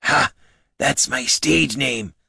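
Man doing a raspy kobold, male, touchy and quick-tongued, higher than the narrator, gravelly, dry close sound, storybook. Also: sharp tone, no echo, full character voice. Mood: wry. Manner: rapid wisecracking street talk, defensive. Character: raspy fast-talking male kobold purse performer, touchy.

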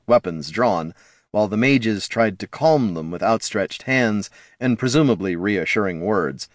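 A man narrating a fantasy audiobook in a lively, expressive reading style. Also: on the low side, no room sound, studio quality.

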